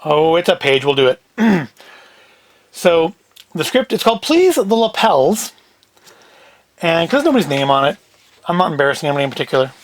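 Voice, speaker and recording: A man's voice: on the high side, big pitch swings, moderate pace, pauses often. A man hosting a casual solo talk, who rambles and thinks aloud in a chatty way. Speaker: host.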